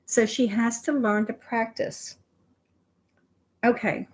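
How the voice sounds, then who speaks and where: Older lady rambling on a phone livestream, kinda high voice, lots of you know's. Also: fairly even intonation, takes it slowly, long pauses, low-quality recording. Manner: chatty, repeats herself, fillers like "you know". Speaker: livestream host. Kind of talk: casual livestream chat.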